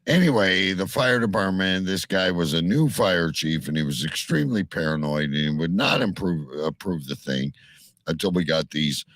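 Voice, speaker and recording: A middle-aged man co-hosting a casual chat, telling animated stories and swearing freely. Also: deep voice, moderate pace, dry recording.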